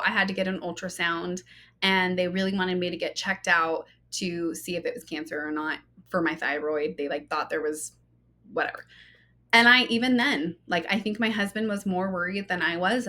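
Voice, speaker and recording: A woman in her thirties hosts a podcast and tells a personal story in a loose, chatty monologue. Her voice is bright and forward, at a middle pitch for a woman. She keeps dropping in "like" and "you know" as she talks. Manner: animated and chatty, many "like" and "you know" asides. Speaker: podcast host.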